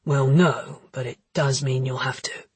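A woman voicing a cocky, teasing man in an audiobook, speaking with a smug, husky drawl. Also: fairly even intonation, unhurried, no room sound, heavily acted. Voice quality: husky, low and hushed.

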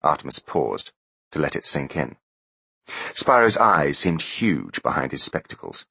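A man narrating a story aloud in a scripted, expressive storytelling manner. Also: rumbling low, measured pace, gravelly, husky, dry recording. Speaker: audiobook narrator.

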